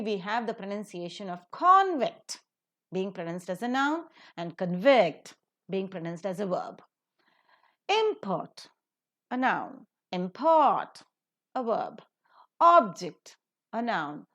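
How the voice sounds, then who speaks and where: A woman, teaching word stress in a careful recorded lecture, saying example words with loud stress. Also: medium pitch. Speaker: English teacher.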